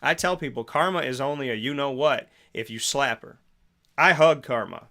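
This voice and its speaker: At a moderate pace, this man talks in a medium pitch with a bright, forceful tone. He's a host giving a moralizing motivational monologue in the morning, asking rhetorical questions, repeating phrases for emphasis, and playing every voice in imagined conversations.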